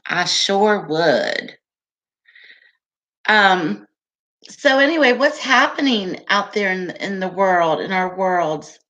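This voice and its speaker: A woman's voice: medium pitch, slow pace, long pauses, fairly bright tone. A woman hosting a casual livestream, chatting with viewers, laughing often and answering their comments. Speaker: livestream host.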